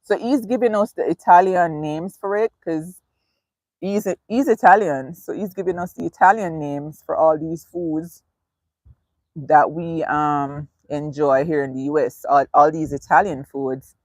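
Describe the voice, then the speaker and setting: A woman's voice: low voice, a little slow, a little mellow, no room sound. A woman hosting a casual live stream, reading viewer comments aloud, chatty and laughing often. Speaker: livestream host.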